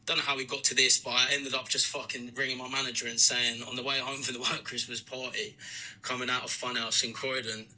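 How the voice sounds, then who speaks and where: A British man hosting a podcast, reading out a listener's embarrassing story in a lively, comic way with laughs along the way. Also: medium pitch, a little fast, low-quality recording. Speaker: podcast host.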